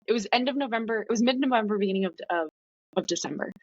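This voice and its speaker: A woman's voice: medium pitch, rapid-fire, no echo. A woman guest telling her story in a casual, chatty way, full of "like" fillers. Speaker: podcast guest. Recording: dull, dry lo-fi recording.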